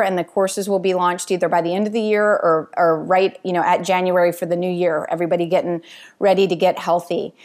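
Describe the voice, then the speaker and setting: A woman doctor in her thirties hosting her own podcast, answering listener questions in a chatty, friendly way with many fillers. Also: medium pitch.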